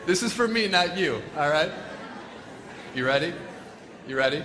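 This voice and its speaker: Addressing a school assembly in a big hall full of people, this man has a higher-than-average, bright voice with lively intonation, a forceful tone and a moderate pace. He jokes and chats casually through a self-deprecating motivational talk, sometimes choking up, while some chatter goes on behind him. Long hall reverb and faint room noise are audible.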